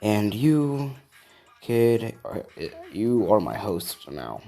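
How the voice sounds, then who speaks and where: A man doing a blunt alien symbiote, low-voiced. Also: very animated, extremely slow, gravelly, dark tone, exaggerated voice. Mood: calm. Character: male alien symbiote, blunt, possessive, matter-of-fact.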